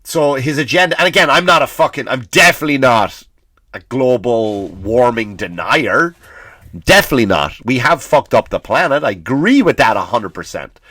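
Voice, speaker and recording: A man's voice: medium pitch, animated, moderate pace, bright, forceful tone, dry recording, clean studio sound. A man hosting a comedy podcast, ranting from home with blunt, profane sarcasm and lots of stammered restarts.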